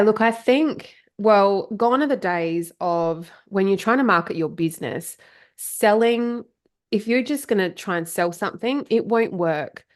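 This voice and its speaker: An Australian woman in her thirties, a guest on a podcast, talking energetically and a little out of breath. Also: medium pitch. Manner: energetic, emphatic, repeats for emphasis. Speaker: podcast guest, marketing coach. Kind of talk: casual interview chat.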